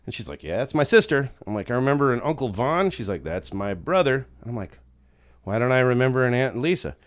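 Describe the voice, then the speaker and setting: A man's voice: mid-range voice, very animated, brisk. A man, a podcast guest, telling a story in casual chat, swearing freely and acting out what people said to him. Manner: profane, laid-back, acts out quotes.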